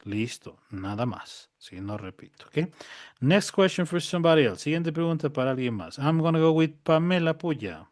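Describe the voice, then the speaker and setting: A man's voice: on the high side, lively intonation, a little fast, darkish tone, no echo, clean studio sound. A man teaching a language class online. He repeats each point patiently and keeps checking that his students understand.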